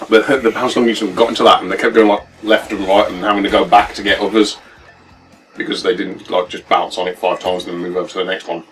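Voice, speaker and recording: A young man with a low voice gives relaxed, chatty commentary over a video game playthrough. He explains the game's mechanics at length. He sits a little away from the mic, with game music playing behind him. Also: fast, recorded from a distance. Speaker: let's play co-host. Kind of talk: casual gameplay commentary.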